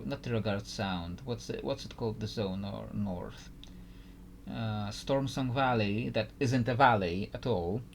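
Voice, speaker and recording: A man's voice: medium pitch, a little mellow, a little hiss or hum. A man giving casual gameplay commentary, hesitant and thinking aloud with frequent restarts. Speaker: gaming YouTuber.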